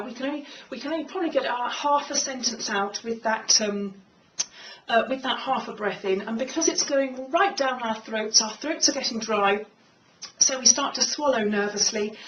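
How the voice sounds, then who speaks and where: Woman speaking coach, clear and measured, a bit off-mic, faint background hiss. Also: recorded from a distance, rough recording. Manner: clear, measured, demonstrates pitch by singing. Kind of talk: instructional talk to camera. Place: room with a piano.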